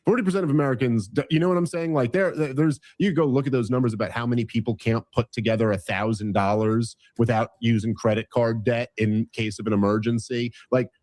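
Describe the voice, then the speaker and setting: A man's voice: mid-range voice, fairly even intonation, fast talker, few pauses, darkish tone, dry recording. A man ranting in casual political chat, swearing and restarting his sentences often. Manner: ranting, profane, rambling with many restarts.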